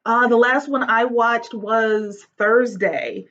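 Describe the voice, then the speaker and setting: A woman's voice: a little high, takes it slowly, a bit bright, lo-fi sound. A woman giving a casual lecture, chatty and slangy, often asking the class questions.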